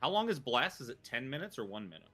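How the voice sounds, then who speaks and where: A man's voice: medium pitch, big pitch swings, fast talker, fairly bright tone. A man narrating as game master, rambling loosely with frequent ums and chuckles.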